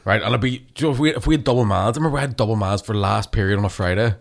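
A man's voice: on the low side, gravelly. A young man, a comedian, telling school stories in a casual, sweary chat. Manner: sweary, fast storytelling.

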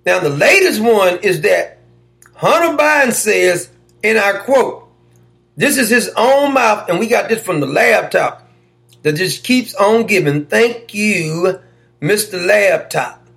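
Gravelly high-voiced male talk host. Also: animated, slow, fairly bright tone. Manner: mocking, sarcastic, often laughing. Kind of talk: opinionated political commentary.

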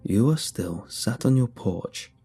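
A man voicing an ancient mold hive that speaks through a dead dog, in a soft, calm, sighing way, for a horror story narration. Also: on the low side, slow, breathy edge, faint music behind, full character voice. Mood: calm, wistful.

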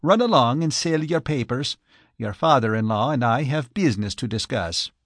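A man's voice: medium pitch, animated, normal speed, no echo, studio quality. A man voicing a brusque, dismissive older businessman in an audiobook reading. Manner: curt, brusque.

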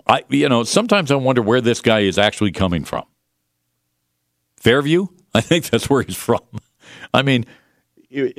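Animated sarcastic talk radio host, man. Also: mid-range voice, no echo, clean studio sound. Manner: combative, sarcastic, mocking imitations. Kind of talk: political talk radio monologue.

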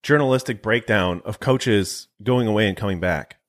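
A man co-hosting a sports podcast, talking in an animated, bantering way. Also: on the low side, moderate pace. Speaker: podcast co-host. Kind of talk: casual sports chat.

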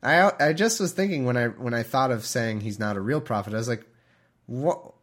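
Male podcast host, conversational reader, bemused and chatty, quick to laugh, mid-range voice. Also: mid-range voice, a bit bright. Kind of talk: reading scripture aloud with casual commentary.

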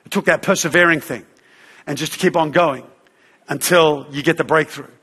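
A man preaching and telling a story, animated, acting out the voices of others and using fillers like "uh" and "you know". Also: on the high side, moderate pace, husky, in a large hall. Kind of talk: sermon storytelling.

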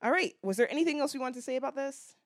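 A woman's voice: high voice, animated, racing. An American woman co-hosting a podcast, talking in a casual, reflective way with lots of "like" fillers. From United States. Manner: chatty, many "like" fillers, reflective. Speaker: podcast co-host. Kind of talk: casual chat.

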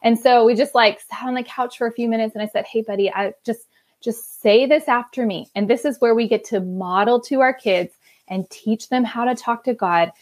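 A woman in her thirties with a slightly high voice, talking on a podcast as a guest author. She tells her stories animatedly, slipping into lively quoted voices. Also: brisk. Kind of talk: conversational podcast interview.

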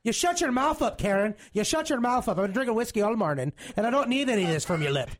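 A man's voice: high-pitched, animated, quick pace. A man doing a put-on Irish accent as a surly, drunken middle-aged husband who scolds his wife. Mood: scolding. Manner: gruff, scolding.

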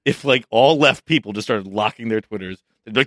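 Young male co-host, crude sarcastic banter, bright tone, dry close sound. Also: fairly low pitch, a little fast, hardly any pauses, no echo. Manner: blunt, crude, sarcastic asides. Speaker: podcast co-host. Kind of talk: casual chat.

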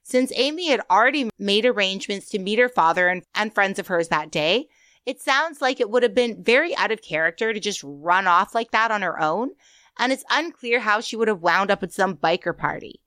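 A woman co-hosting a true crime podcast, reading prepared notes in a measured, skeptical way. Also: medium pitch, lively intonation, pushed and bright, no room sound. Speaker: podcast co-host.

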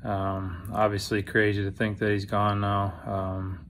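A man recording a subdued video tribute to a former teammate, halting with many fillers. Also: on the low side, completely flat delivery, a bit bright, slight background noise.

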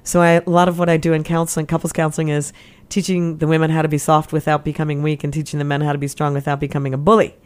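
A woman counselor talking as a guest in an interview, energetic and chatty, with many asides and restarts. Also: low voice, rapid-fire, clean tone. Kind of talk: casual interview chat.

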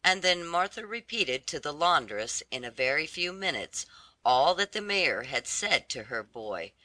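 An audiobook narrator reading a fairy tale aloud in a slow, lively storybook delivery. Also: medium pitch, no room sound.

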